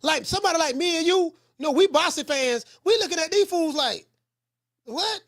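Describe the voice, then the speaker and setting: A man hosting a call-in boxing talk show, chatting in a relaxed, rambling way that circles back and repeats points. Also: very high voice, fast, no echo, studio quality. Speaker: boxing coach and show host.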